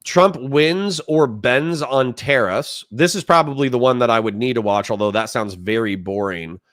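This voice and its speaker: A man's voice: medium pitch, moderate pace, a bit bright. A man hosting a casual livestream, ranting with animation and reading out chat comments. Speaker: streamer host.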